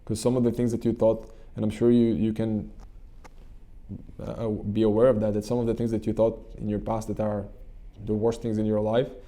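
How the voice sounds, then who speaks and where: A man hosting his channel, leading a guided meditation in an earnest, repetitive way with frequent halting restarts. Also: on the low side, level tone, dark tone. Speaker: channel host and coach. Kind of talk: motivational talk with guided meditation.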